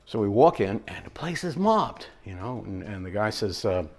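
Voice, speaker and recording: A man hosting a home cooking show, chatting in a rambling, relaxed way as he tells stories while he cooks. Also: lowish voice, moderate pace. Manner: relaxed, mellow. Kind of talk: casual cooking demonstration with anecdotes.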